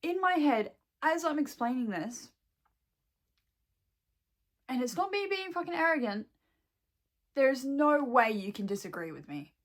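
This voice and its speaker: A woman's voice: sits high, big pitch swings, measured pace, long pauses. Heated, sweary young woman venting. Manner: swears heavily, rambling and heated, fillers like "like". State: close to tears. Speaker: vlogger and shop employee. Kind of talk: emotional venting to camera.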